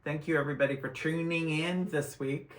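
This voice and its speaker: A man's voice: on the high side, steady tone, a little fast. A man from Utah, a drag queen co-hosting a tarot show, chatting in an upbeat, effusive way. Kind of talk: casual chat. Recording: echoey room.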